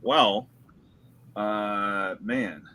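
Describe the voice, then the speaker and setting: A young man hosting a casual live stream chat, animated and laughing often. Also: lowish voice, extremely slow, a little hiss or hum. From California. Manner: animated, laughs often, drinks and toasts viewers. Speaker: host.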